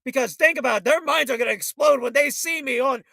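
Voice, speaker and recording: A fiery male talk show host who rants bluntly and combatively. His voice sits unusually high and rings bright and forceful. The sound is dry and close, with no room around it. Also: fast talker, creaky, no room sound. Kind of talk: political talk show rant.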